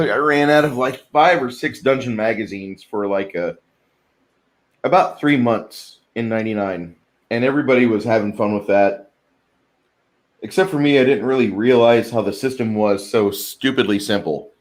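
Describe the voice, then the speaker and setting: A man's voice: mid-range voice, moderate pace. Laid-back man host in an echoey room. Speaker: podcast host. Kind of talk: casual chat, reading chat comments.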